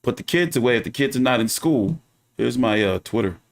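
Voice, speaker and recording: This man talks quickly in a creaky, medium-pitched voice. He runs his own boxing channel and rants casually on a livestream, animated and swearing a lot.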